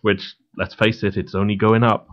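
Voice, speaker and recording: A man's voice: fairly low pitch, level tone, moderate pace, lo-fi sound. A man co-hosting a casual talk radio show, joking and teasing. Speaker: co-host.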